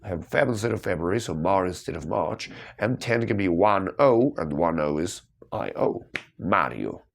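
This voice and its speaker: Thinking aloud while solving cryptic crossword clues, a man muses, questions himself, and breaks into sudden delight. His low voice is very animated and carries vocal fry, moving at normal speed.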